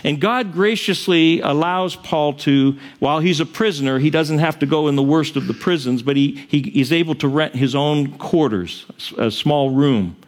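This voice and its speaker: Male pastor, sermon, conversational storyteller with a fairly high voice. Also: moderate pace, few pauses.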